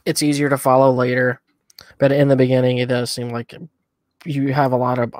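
A man's voice: medium pitch, little pitch movement, brisk, no echo. Laid-back man on a dry podcast mic. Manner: easygoing, rambling with fillers. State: eating hot wings. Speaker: podcast co-host. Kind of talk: casual podcast chat.

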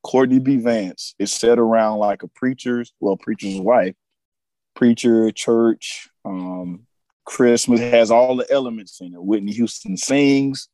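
A man co-hosting a casual podcast chat, an animated storyteller who laughs often and acts out movie lines. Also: medium pitch, measured pace, no room sound. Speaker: podcast co-host.

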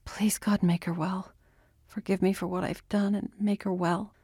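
Woman reading a hushed praying mother. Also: mid-range voice, level tone, moderate pace, slightly rough, dry recording, clean studio sound, natural voice. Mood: prayerful.

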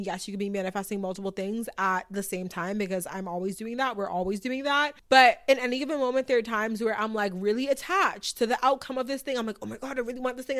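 A young woman hosts a podcast in a relaxed solo monologue. She sounds chatty and upbeat, speaks to her listeners like close friends and fills her sentences with "like.". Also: medium pitch. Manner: chatty and upbeat, fond of filler "like"; encouraging, addresses listeners directly. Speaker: podcast host.

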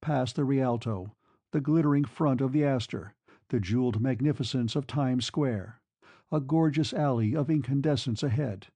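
A man narrating a classic novel in a measured, expressive audiobook reading. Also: medium pitch, no echo.

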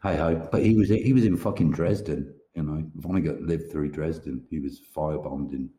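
A man's voice: rumbling low, normal speed, mellow, reverberant. A man who is an author talking casually on a podcast, rambling, swearing and laughing often. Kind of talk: casual chat.

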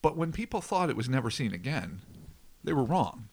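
A man's voice: mid-range voice, sing-song, brisk, vocal fry, a little hiss or hum. A man hosting a casual comedic podcast, telling a story and swearing freely between jokes. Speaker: podcast host.

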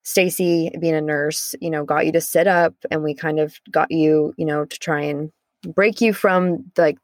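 A woman's voice: low-pitched, fairly even intonation, normal speed, no echo, studio quality. A woman podcast co-host candidly recounting a hard night to her lifelong friend, rambling with restarts. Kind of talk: casual recounting conversation.

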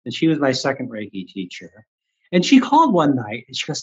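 Husky older man telling stories. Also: mid-range voice, brisk, dull audio. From Midwestern United States. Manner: animated, acts out his own past thoughts. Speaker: guest, Reiki teacher. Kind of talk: candid storytelling.

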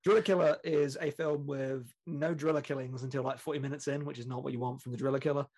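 A man's voice: mid-range voice, fairly even intonation, fast, darkish tone. A British man co-hosting a film podcast, talking in a chatty, rambling way with lots of fillers and laughs. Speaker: podcast co-host. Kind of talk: casual film podcast chat.

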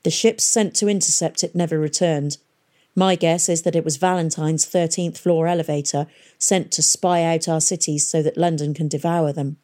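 A woman's voice: deep voice, steady tone, normal speed, warm tone, lightly acted. A woman reading an audiobook, voicing a grave, matter-of-fact airship captain. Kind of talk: audiobook character voice.

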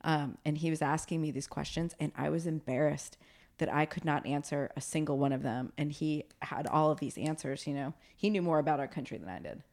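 A woman's voice: sits low, fairly even intonation, brisk, darkish tone. A woman co-hosting a podcast, talking in a thoughtful, self-deprecating way. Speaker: podcast co-host. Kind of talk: casual podcast chat.

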